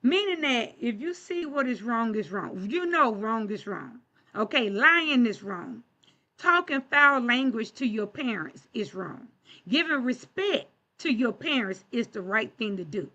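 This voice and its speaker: Woman preacher, conversational sermon, bright tone, muffled streamed sound. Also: a little high, big pitch swings, unhurried. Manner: conversational, plain-spoken preaching with rhetorical questions. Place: church.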